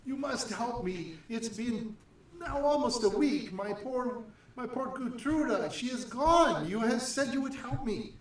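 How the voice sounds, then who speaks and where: A man voicing a distraught middle-aged village mother who begs for help in a high, strained voice. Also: lively intonation, a little slow. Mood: desperate pleading. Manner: sobbing, begging, high strained voice. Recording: echoey room, distant mic.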